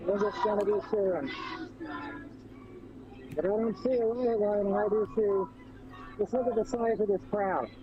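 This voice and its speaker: A man reports from the street on his phone, describing what he sees in a halting, observational way. His voice sits high but sounds mellow, and the phone audio is muffled with faint noise behind it. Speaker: street livestreamer. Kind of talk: on-the-ground live reporting.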